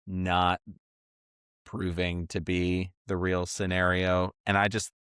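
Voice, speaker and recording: Man, very low voice, podcast co-host, measured, dry studio sound. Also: monotone, a bit bright, smooth, no echo. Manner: measured, affirming, runs the segments. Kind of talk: casual podcast talk.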